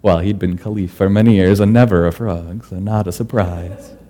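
A man telling a folk tale aloud in a playful, animated way, swinging from whispers to bursts. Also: low voice, normal speed. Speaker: storyteller. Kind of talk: oral storytelling.

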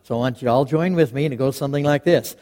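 A man telling a folksy story to a live audience in a lively, animated way, chuckling as he goes. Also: medium pitch, very fast. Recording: long hall reverb.

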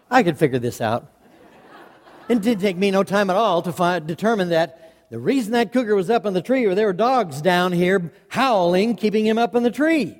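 High-voiced folksy male storyteller. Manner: lively, animated, chuckling through the tale. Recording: long hall reverb.

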